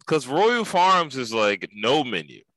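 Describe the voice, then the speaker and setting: A man's voice: mid-range voice, slow, dry recording. A young man in casual comedic chat, profane and riffing, co-hosting a talk show. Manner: profane, riffing, animated jokey delivery.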